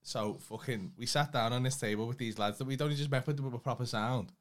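A man in relaxed conversation, spinning a long comic anecdote with lots of swearing. His voice sits at an ordinary middle pitch, and he talks loosely and chattily. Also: fast. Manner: rambling anecdotes, heavy swearing. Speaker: comedy podcast co-host. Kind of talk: casual storytelling chat.

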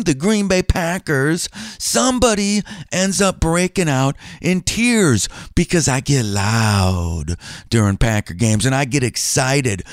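A man's voice: a little high, smooth, dry recording, clean studio sound. A middle-aged man hosting a podcast as a financial planner, chatty and self-deprecating in a casual style.

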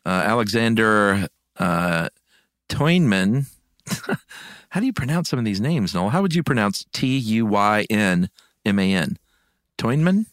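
A man's voice: on the low side, very animated, a little slow, a bit bright, dry recording, studio quality. A man hosting a podcast, reading listener comments aloud in a casual chat, chuckling and stumbling over names. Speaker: podcast host.

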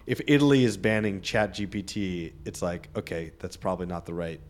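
A man speaking as a venture capitalist on a panel discussion, casual and loose, with many fillers and animated asides. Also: low voice, a little fast, a little hiss or hum.

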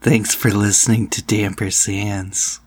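A man giving a podcast outro in a dry, deadpan way. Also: fairly low pitch, measured pace. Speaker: podcast host.

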